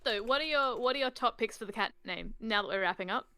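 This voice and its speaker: A woman's voice: fairly high pitch, quick pace, sharp tone, smooth. A woman co-hosting a livestream, giggly and teasing in casual chat.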